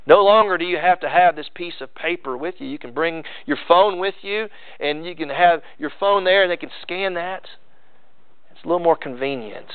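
A man delivers a sermon, building earnest emphasis and then dropping into relaxed, conversational asides. His voice sits slightly high. The sound is dry and narrow, like it's coming down a phone line. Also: normal speed, smooth, no echo. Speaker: pastor.

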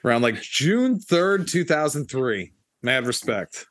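Bright, dry-voiced man chatting bluntly. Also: mid-range voice, sing-song, slow, no echo. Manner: blunt, profane, easygoing. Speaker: podcast co-host. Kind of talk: casual chat.

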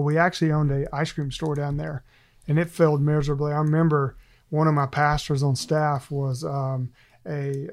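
A middle-aged man with a gravelly, creaky voice, pitched a little higher than most men but kept flat and level. He talks as a guest in a relaxed faith chat and tells stories against himself, laughing as he goes. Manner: self-deprecating, laughs often while telling stories. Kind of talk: casual faith conversation.

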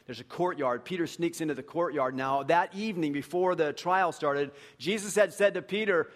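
Lively male preacher telling stories. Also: fairly high pitch, moderate pace. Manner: animated, acts out voices, conversational. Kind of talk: sermon storytelling.

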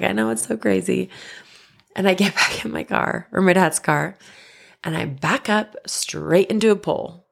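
Low, gravelly-voiced woman telling a story. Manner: animated, quoting others in dialogue, breaks into laughs. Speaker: podcast host. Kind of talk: personal storytelling.

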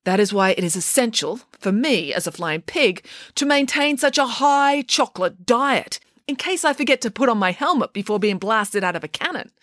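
A self-important pig nanny lecturing with great confidence, voiced by a woman reading the story. She speaks high and lively, her pitch bouncing freely. The sound is close and dry. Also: moderate pace, no echo. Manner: grand, lecturing tone.

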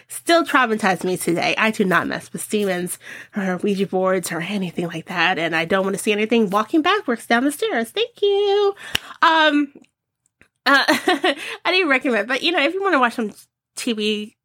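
A woman hosting a podcast, chatting casually about movie picks and acting out scenes in high voices. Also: sharp tone, no room sound. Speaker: podcast host.

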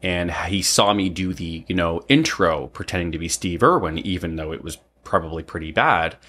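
Man of about forty with a very low voice. Loose, rambling storyteller who drops frequent "um"s. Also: moderate pace, bright, forceful tone, husky. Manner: rambling, frequent "um" and tag "right?". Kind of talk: casual personal storytelling.

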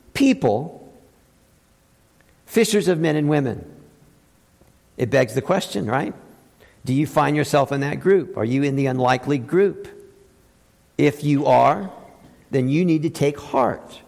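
Man, pastor, sermon, high voice, emphatic rhetorical questions, church hall reverb. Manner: emphatic preaching with rhetorical questions, swinging from loud highs to quiet lows.

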